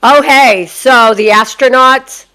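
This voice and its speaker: A woman's voice: high-pitched, slow pace, sharp tone. A woman with a Boston accent hosting a live stream as a dog breeder, chatty and folksy, repeating phrases for emphasis as she talks to her viewers.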